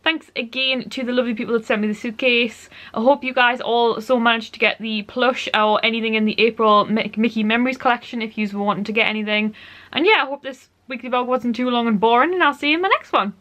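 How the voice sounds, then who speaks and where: A woman's voice: fairly high pitch, steady tone, fast, a bit bright, muffled recording. Gushing chatty young woman. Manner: gushing, chatty, repeats "like" often. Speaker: vlogger. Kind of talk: casual vlog chat. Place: home room.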